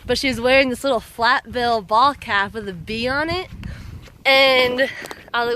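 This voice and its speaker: A woman hiker telling stories to the camera outdoors, chatty and animated, laughing often. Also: a little high, moderate pace, a little hiss or hum. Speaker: long-distance hiker vlogger. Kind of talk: casual storytelling to camera. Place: outdoors by a trail road.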